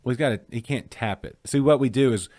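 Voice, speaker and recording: A man's voice: mid-range voice, fast, a little mellow, dry recording, studio quality. A man co-hosting a casual chat show, rambling through jokey ideas and trailing off into mumbles. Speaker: podcast co-host.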